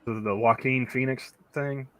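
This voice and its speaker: This is a man in a casual online chat, co-hosting and thinking out loud. He rambles, restarts sentences and leans on "you know" all the time. His voice sits mid-range and sounds dry, with no room echo. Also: medium pitch, fairly even intonation, unhurried. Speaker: podcast co-host.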